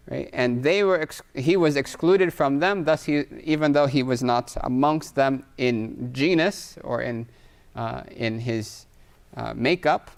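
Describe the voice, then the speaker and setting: Smooth-voiced man teaching Arabic grammar. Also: mid-range voice. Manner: explanatory, checks in with frequent "right?"; reads Arabic phrases aloud. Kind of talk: live online class lecture with Q&A.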